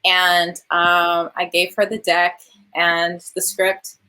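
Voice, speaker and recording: A woman film director from California with a Californian accent, telling an animated story in a virtual interview and acting out what other people said. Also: fairly low pitch, takes it slowly, smooth. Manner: animated, laughs often, acts out quoted voices. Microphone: video call.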